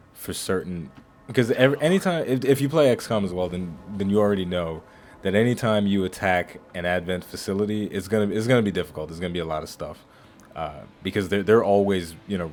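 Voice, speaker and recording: Deep-voiced man rambling over gameplay. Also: a little mellow, a little hiss or hum. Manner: rambling and chatty, often restarting phrases. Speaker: gaming channel host. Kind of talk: casual let's-play commentary.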